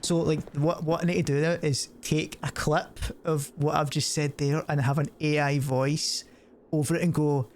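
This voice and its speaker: A man's voice: on the high side, flat delivery, moderate pace. A young man streaming a game, rambling and swearing as he laughs through casual commentary. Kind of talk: casual commentary over gameplay. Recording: noisy background.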